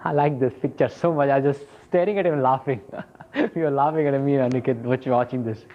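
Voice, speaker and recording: A man with an Indian accent, a sales trainer speaking to a live class. He is lively and teasing, asks "okay?" often and mixes Hindi into his English. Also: medium pitch, brisk. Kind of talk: live seminar talk to a class. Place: classroom with an audience. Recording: dull lo-fi sound.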